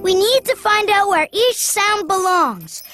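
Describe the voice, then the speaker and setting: A woman's voice: very high-pitched, sing-song, measured pace, pushed and bright, faint music behind, heavily acted. A woman voicing a cheerful, eager little wooden boy in a cartoon, with a chirpy childlike voice. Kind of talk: cartoon voice acting.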